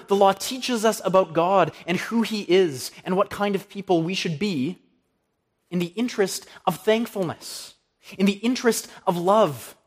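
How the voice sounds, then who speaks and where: A man delivers an earnest sermon in a notably high voice. He speaks with steady conviction, quoting scripture and naming the chapters as he goes. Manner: earnest pulpit preaching, cites scripture references. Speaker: preacher.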